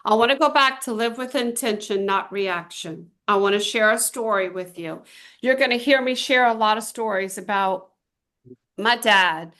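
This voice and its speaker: A middle-aged woman with a fairly high voice leads a small group through a motivational talk. She tells personal stories and stretches out the words she stresses. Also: sharp tone. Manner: emphatic, storytelling, drawn-out stresses. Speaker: team trainer.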